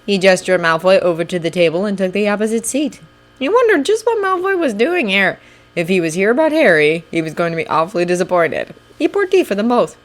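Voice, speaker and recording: A woman reading fanfiction aloud in a steady, even audiobook narration. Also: mid-range voice, brisk. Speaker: fanfiction reader.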